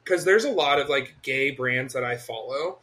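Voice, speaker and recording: A man co-hosting a casual chat podcast, animated and quick to laugh, swearing freely. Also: medium pitch. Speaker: podcast co-host.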